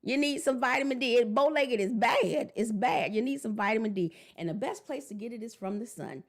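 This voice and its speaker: A woman in her forties giving a blunt, animated parenting talk that slips into acted-out voices. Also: fairly high pitch, a little fast. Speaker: parenting vlogger. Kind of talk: casual preachy monologue.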